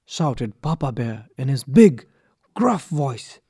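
A man reading a children's story aloud from a textbook, clear and deliberate for young learners. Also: medium pitch, big pitch swings, warm tone, dry recording, studio quality. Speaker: textbook reader. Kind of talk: slow expressive storybook reading.

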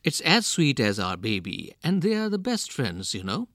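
A man's voice: mid-range voice, wildly swooping pitch, moderate pace, a bit bright, no echo, clean studio sound. A man voicing a kindly village farmer in a read-aloud folk tale, speaking in a reassuring tone.

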